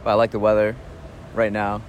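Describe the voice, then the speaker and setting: A man talking in a casual spoken travel diary, relaxed and reflective, rambling with restarts and soft chuckles. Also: lowish voice, brisk, highs cut off, a little hiss or hum. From United States. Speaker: podcast host.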